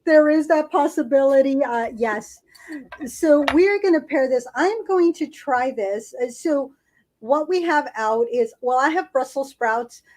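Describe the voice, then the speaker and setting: A woman's voice: sits high, measured pace, a little mellow, rough recording. A woman co-hosting a podcast, chatting casually and savoring food as she tastes it aloud. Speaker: podcast co-host. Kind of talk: casual food-tasting chat.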